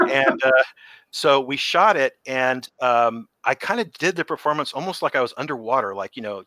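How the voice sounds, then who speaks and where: Middle-aged man, interview guest, animated storyteller who acts out quotes; bright voice, dry sound. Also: mid-range voice, brisk, no echo. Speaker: interview guest, creature suit performer.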